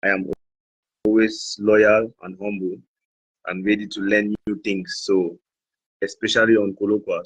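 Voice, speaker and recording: A man's voice: on the low side, slightly rough, no room sound, poor audio. A man from Cameroon, a guest on an interview show, chatting casually and laughing often as he switches between French, English and pidgin. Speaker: guest blogger.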